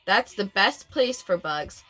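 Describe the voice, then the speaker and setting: A woman voicing a cheerful, helpful young boy in a storybook, calm and reassuring. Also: medium pitch, slow pace.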